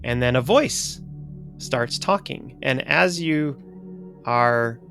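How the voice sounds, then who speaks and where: Halting man narrating as game master. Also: medium pitch, expressive, creaky, a bit bright, faint music behind. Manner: halting, descriptive, many fillers.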